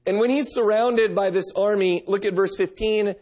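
A middle-aged man delivers a sermon in an earnest, conversational manner. His voice sits somewhat high for a man, and he moves easily between reading scripture and talking plainly to the congregation. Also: steady tone, moderate pace, a little mellow. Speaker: pastor.

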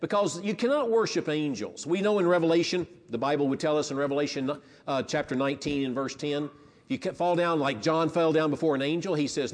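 A man's voice: on the high side, lively intonation, a little fast, big-room sound. A pastor preaching a sermon in a conversational way, often restarting his phrases.

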